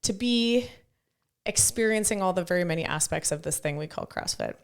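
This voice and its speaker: Brief: hoarse middle-aged woman, chatty podcast co-host, lowish voice. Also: expressive, fairly quick. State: hoarse, recovering from lost voice. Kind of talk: casual podcast chat.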